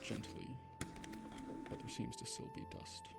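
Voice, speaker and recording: A man acting as game master, quietly narrating what happens in a role-play scene. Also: a little slow. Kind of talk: tabletop-style scene narration. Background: background music.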